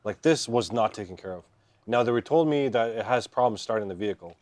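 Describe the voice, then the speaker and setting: A man appearing as a guest on his brother's podcast, telling a story in a calm, measured way, outdoors in a backyard. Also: lowish voice, no room sound. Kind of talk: casual chat, storytelling.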